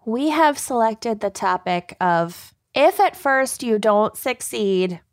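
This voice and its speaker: Brief: woman from Minnesota, co-host, slightly high voice, unhurried and laughing, dry sound. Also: lively intonation, no room sound. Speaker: podcast co-host. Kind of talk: casual chat.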